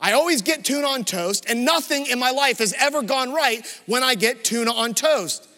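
A gloomy, self-pitying balding man whines that nothing in his life goes right, as a preacher acts him out. The voice is high and bright. A long echo from a large hall hangs behind it. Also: expressive, moderate pace, exaggerated voice.

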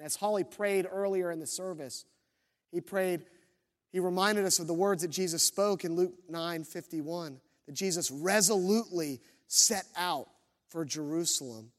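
A man preaching a sermon as pastor, telling the story with lively, acted-out quotes. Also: high voice. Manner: animated storytelling, acts out quoted voices.

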